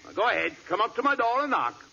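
A man's voice: very high voice, animated, quick pace, vocal fry, background noise. A man doing 1940s radio comedy as an exasperated, bossy straight man. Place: radio studio before an audience. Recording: lo-fi old radio broadcast with audience. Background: studio audience laughter.

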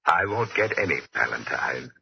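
An actor playing a shy, courteous middle-aged bachelor in a 1940s radio comedy, speaking formally and haltingly. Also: male voice, extremely low pitch, big pitch swings, vocal fry, exaggerated voice. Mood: bashful. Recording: hissy lo-fi old radio recording.

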